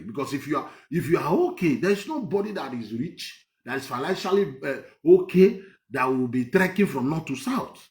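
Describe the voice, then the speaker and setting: A man delivers a heated political monologue, circling back and repeating himself for emphasis. His slightly high voice swings widely up and down. The sound bounces around a reverberant room. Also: sing-song, normal speed. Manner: rambling, emphatic, repeats phrases. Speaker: political commentator.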